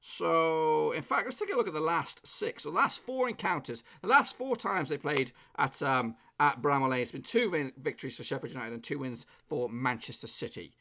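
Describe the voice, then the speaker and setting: A chatty man with an English accent hosts a live stream, rattling through viewers' score predictions. His voice sits a little high and is slightly hoarse. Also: lively intonation, moderate pace, few pauses, sharp tone. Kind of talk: casual live-stream chat.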